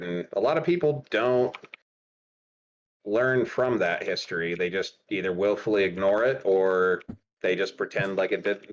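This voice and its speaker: A man's voice: low-pitched, muffled recording, a little hiss or hum. A man co-hosting a stream, talking bluntly and with exasperation in casual chat.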